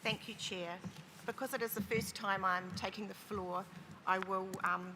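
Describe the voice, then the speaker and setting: A woman's voice: medium pitch, fairly even intonation, moderate pace, noisy background. A woman speaking briefly and politely as a regional delegate at a committee meeting, with some hesitations. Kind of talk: formal committee statement. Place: large conference hall.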